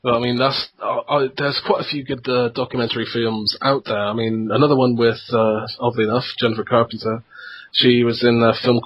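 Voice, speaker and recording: A man's voice: medium pitch, flat delivery, brisk, slight background noise. A man co-hosting a podcast in casual chat, joking and rambling between laughs. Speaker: podcast co-host. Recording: dull lo-fi podcast audio.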